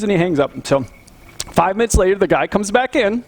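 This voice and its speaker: A male pastor delivers a sermon in an easygoing, conversational manner. He tells stories as though chatting with friends. His voice sits slightly higher than most men's. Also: lively intonation, fairly quick. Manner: conversational storytelling, chuckling.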